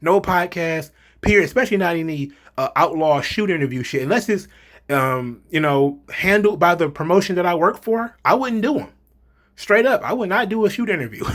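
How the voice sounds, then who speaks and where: Angry, high-voiced man ranting profanely. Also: a bit bright. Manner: heated, profane, repetitive, emphatic. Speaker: wrestling commentator vlogger. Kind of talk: angry opinion rant.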